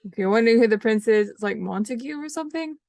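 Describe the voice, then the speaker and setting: A woman with a fairly high voice plays in a tabletop game, chatting in a teasing tone and giggling between lines. Her voice sounds close and dry, with no room echo. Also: animated, fast talker, gravelly, darkish tone. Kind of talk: casual play and chat.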